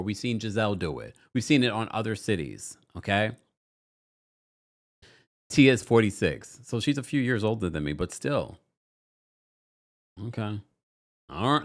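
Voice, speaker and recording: A man's voice: on the low side, fairly bright tone. A man in his forties hosting a podcast, chatting casually through a reality TV recap and reading out listener comments. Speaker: podcast host.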